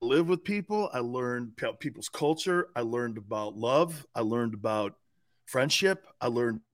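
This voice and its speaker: Speaking at a measured pace in a mid-range voice, this middle-aged man co-hosts a sports talk show. His storytelling is casual and animated, full of swearing and frequent bursts of laughter.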